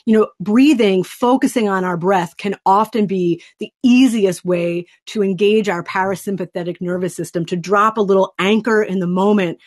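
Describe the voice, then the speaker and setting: A woman trainer leading a webinar, calmly and soothingly guiding listeners through a breathing exercise. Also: mid-range voice, normal speed, hardly any pauses. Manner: calm, soothing and instructive. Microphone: desk microphone.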